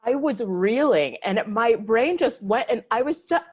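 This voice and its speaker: A woman's voice: on the high side, expressive, measured pace, a little mellow, husky. A woman co-hosting a podcast, telling a story in casual chat and acting out the emails she got with exasperated flair. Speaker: podcast co-host.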